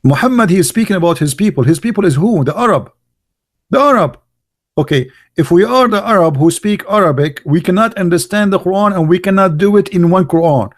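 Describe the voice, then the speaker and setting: A religious commentator with a high voice talks fast with few pauses, delivering a mocking polemical monologue packed with rhetorical questions and broken grammar.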